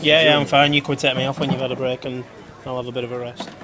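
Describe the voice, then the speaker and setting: A man's voice: mid-range voice, little pitch movement, quick pace, background noise. A man giving casual live commentary on a stream, chatting and reading out viewer messages. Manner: chatty, reads out viewer chat.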